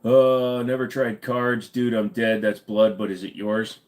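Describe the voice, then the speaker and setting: A man's voice: lowish voice, level tone, unhurried. A man with a slight Minnesota accent, hosting a casual live Q&A stream, tired and wisecracking, swearing offhandedly. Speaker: livestream host.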